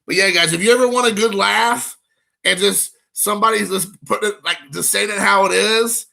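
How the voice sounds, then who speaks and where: A man hosting a card collecting live stream, chatting casually and excitably with viewers, rambling and addressing them by name. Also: high-pitched, normal speed, creaky. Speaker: card collecting channel host.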